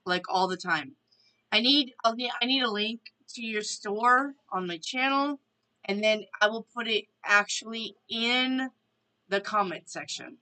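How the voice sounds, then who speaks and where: Woman, live stream host, casual chat, reads viewer questions, bright voice. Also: mid-range voice, clean tone, low-quality recording. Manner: chatty, reads viewer questions aloud, restarts often.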